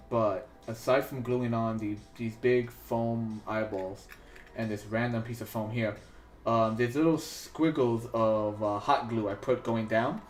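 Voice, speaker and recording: A man hosting a sculpting livestream, chatting casually as he works, rambling with many fillers and restarts. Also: mid-range voice. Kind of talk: casual chat while working. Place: home studio in New York. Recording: roomy echo, faint music behind.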